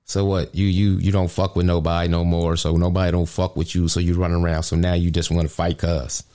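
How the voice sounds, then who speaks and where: A man hosting a podcast, ranting indignantly in casual, profane street slang, often jumping high with emphasis. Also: little pitch movement, a little fast, dark tone. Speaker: podcast host.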